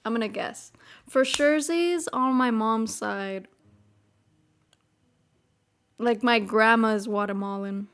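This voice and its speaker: A woman's voice: a little high, unhurried, fairly bright tone, a little hiss or hum. A young woman streaming and chatting casually with viewers, bubbly and rambling, often giggling. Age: young adult. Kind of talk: casual chat.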